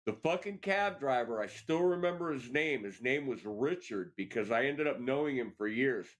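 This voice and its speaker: Animated storytelling man. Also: medium pitch, normal speed. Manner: animated storyteller, swears freely. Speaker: show host. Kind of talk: casual chat.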